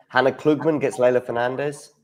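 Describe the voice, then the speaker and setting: A man's voice: medium pitch, fairly even intonation, a little slow, a little mellow. Man reading out names casually. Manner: reads out names, brief reactions. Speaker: co-host. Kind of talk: casual chat.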